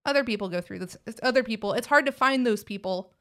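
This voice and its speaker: A young adult with a Texan accent, talking casually on a podcast, rambling with many fillers and restarts. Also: female voice, fairly high pitch, fast talker, sharp tone. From Texas.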